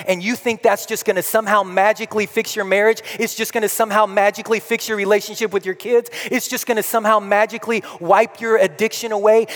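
A male pastor preaching a dramatic sermon, moving from forceful declarations to hushed, slow, emphatic repetitions. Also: high-pitched. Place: church sanctuary. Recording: long reverb of a church hall.

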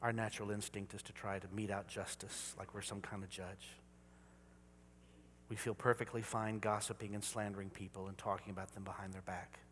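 A man preaching a sermon as pastor, moving between hushed whispers and loud exclamations. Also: on the low side, flat delivery, brisk, a little hiss or hum. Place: church. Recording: reverberant church hall.

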